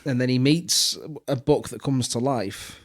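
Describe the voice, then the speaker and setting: A man's voice: mid-range voice, unhurried. A man, co-hosting a podcast in casual chat, telling stories animatedly. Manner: animated storytelling, puts on quoted voices. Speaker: podcast co-host.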